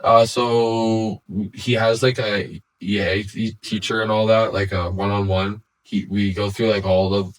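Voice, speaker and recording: A man with a somewhat low voice chats casually and keeps asking curious follow-up questions. He talks loosely, with fillers and restarts. It is an unscripted podcast conversation. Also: little pitch movement, unhurried, few pauses, rough recording. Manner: curious, asks probing questions. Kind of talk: casual chat.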